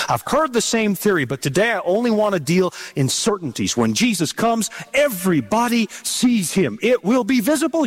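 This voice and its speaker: A middle-aged man preaching a sermon, dramatic and animated, drawing out key words in a sing-song way. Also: high voice.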